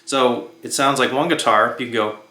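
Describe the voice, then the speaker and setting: A man teaching a guitar lesson in a relaxed, chatty way, humming and counting out strum rhythms as he plays. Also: medium pitch, normal speed. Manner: relaxed, chatty, sings and hums rhythms while playing. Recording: roomy sound with loud guitar playing. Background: his own electric guitar.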